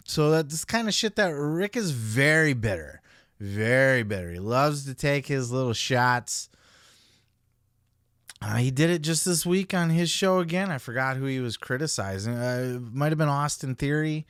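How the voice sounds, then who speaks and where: A man's voice: mid-range voice, animated, normal speed, fairly bright tone, no room sound, studio quality. A man hosting a podcast, giving blunt, profane, opinionated commentary into a podcast microphone. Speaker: podcast host.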